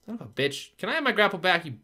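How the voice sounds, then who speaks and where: A man's voice: high voice, big pitch swings, racing, sharp tone. Frustrated, swearing man gaming. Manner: frustrated, swearing, talking to himself. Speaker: gaming video creator. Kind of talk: gameplay commentary.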